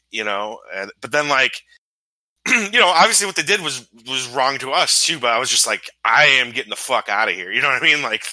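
A man's voice: medium pitch, sharp tone, no echo, low-quality recording. A man chatting casually as a podcast co-host, telling a story heatedly and swearing heavily. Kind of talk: casual chat.

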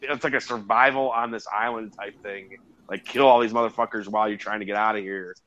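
A man chatting excitedly and casually, swearing a lot and filling his speech with "like". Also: lowish voice, a little fast, dull audio. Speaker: podcast co-host. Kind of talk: casual chat.

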